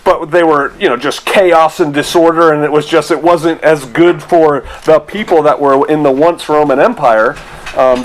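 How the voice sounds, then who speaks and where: A middle-aged pastor delivers a sermon in a loose, conversational manner, full of rhetorical asides and restarts. His voice sits a little high for a man. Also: slight background noise, low-quality recording.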